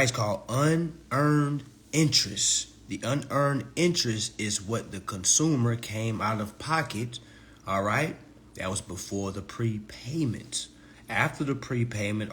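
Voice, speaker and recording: A man, hosting a consumer law talk stream in a preachy, excitable style that swings between hushed asides and loud outbursts. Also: medium pitch. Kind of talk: animated live-stream lecture.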